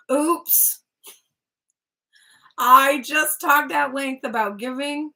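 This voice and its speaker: A woman's voice: on the high side, bright, forceful tone. A woman giving a casual spoken tarot reading, chatty and rambling, often breaking off mid-sentence and laughing. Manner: chatty, rambling, self-interrupting with frequent "like". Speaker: tarot reader.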